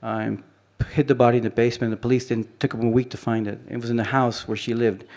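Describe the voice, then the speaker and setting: A man's voice: medium pitch, level tone, fast, creaky, darkish tone. A man speaking at a conference about his photography, rambling informally with frequent restarts and fillers. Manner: rambling, many restarts and "you know" fillers. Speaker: photographer giving a conference talk. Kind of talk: informal presentation talk. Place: conference hall.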